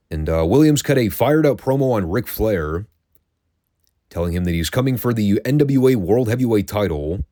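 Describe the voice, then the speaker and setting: A man with a fairly low voice recaps old wrestling episodes in a loose, casual way, dryly sarcastic and quick to swear. The recording is dry and close, with no room sound. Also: warm tone, dry recording. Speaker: podcast host reviewing classic wrestling.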